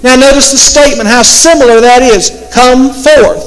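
Man, preacher, sermon, emphatic slow delivery, very high voice, long hall echo. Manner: slow, emphatic Bible preaching with quoted scripture.

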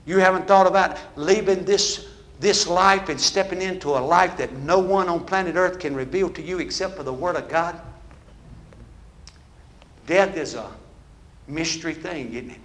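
A man preaching a sermon with call-and-response that builds into shouting. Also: high-pitched, normal speed.

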